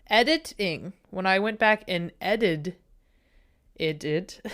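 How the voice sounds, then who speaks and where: A woman hosting her podcast, chatty and self-deprecating, swearing freely and a bit low on energy. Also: vocal fry. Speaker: podcast host. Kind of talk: casual solo podcast intro.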